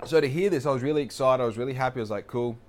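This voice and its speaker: A man's voice: medium pitch, rapid-fire, a little mellow. Rambling, swearing man. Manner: rambling, profane, self-deprecating. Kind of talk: casual monologue.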